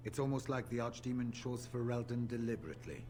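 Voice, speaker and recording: An actor playing a weathered older male warrior in a video game, speaking in a measured, solemn way. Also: expressive, mellow, lightly acted. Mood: grave. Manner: measured, solemn, low and confiding. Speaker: game character.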